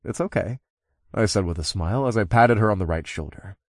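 Low-voiced man narrating an audiobook. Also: quick pace, no room sound, clean studio sound. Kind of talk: first-person scripted narration.

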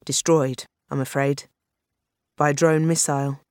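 A man's voice: on the high side, little pitch movement, unhurried, no echo, natural voice. A reader playing a tired fifty-ish police commander, grave and matter-of-fact. He delivers bad news plainly. The sound is dry and close. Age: 50s. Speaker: police superintendent.

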